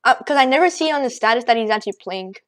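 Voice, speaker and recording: A woman rambling excitedly through casual gameplay commentary, out of breath and joking as she goes. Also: a little high, very fast. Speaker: gaming channel host. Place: at home at a computer.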